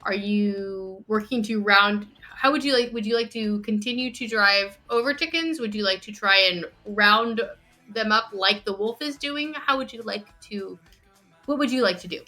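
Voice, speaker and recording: A woman narrating as game master of a live tabletop game, chatty and quick to correct herself. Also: medium pitch, bright, forceful tone, soft background music. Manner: chatty, self-correcting, laughs often.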